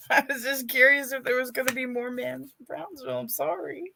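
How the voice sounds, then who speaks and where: Woman co-host, bright and gravelly voice, easygoing and giggly. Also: high-pitched, fairly even intonation, moderate pace, slight background noise. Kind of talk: casual chat.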